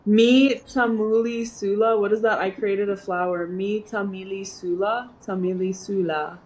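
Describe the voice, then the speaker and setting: A young woman co-hosting a casual chat, animated and giggly, trying out made-up words aloud. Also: medium pitch, measured pace, a little hiss or hum, poor audio. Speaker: co-host.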